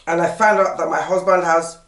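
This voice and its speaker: A woman, a podcast guest telling stories in lively, emphatic casual chat. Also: lowish voice, fairly quick, recorded from a distance. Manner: animated, lively storytelling with emphatic repetition. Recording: echoey room.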